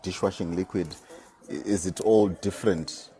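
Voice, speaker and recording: A man hosting a live podcast interview, relaxed and encouraging, thanking viewers. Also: low voice, normal speed, slightly rough. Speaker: podcast host. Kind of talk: casual live-stream interview.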